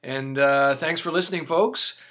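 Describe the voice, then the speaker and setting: A man's voice: fairly high pitch, unhurried. A young man co-hosting a comedy podcast, bantering casually with a playful, hammy streak. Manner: playful, hammy sing-song intro, relaxed banter. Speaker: podcast co-host.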